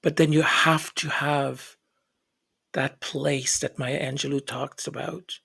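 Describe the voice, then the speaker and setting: Slow, earnest man. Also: a little high, fairly even intonation, vocal fry, bright, forceful tone, husky. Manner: earnest, repeats words while searching for them; acts out quoted voices. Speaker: commentator. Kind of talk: reflective commentary.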